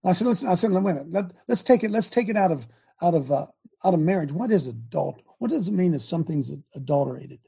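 Older man with a gravelly, dark voice. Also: fairly high pitch, animated, fast talker. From United States. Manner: preachy, emphatic, repeats words and restarts. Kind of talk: opinionated Christian talk.

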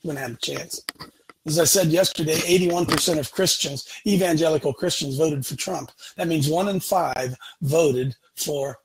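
A man's voice: on the high side, moderate pace, background noise. A man hosting a talk show, preaching in a blunt, emphatic way and repeating lines for punch. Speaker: show host.

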